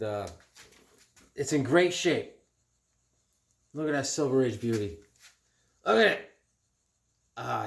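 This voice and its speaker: A chatty, excitable middle-aged man with a slightly high voice shows off his finds in a casual home vlog. He jokes, gushes and talks straight to his viewers. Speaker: comic collector vlogger. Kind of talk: casual show-and-tell vlog.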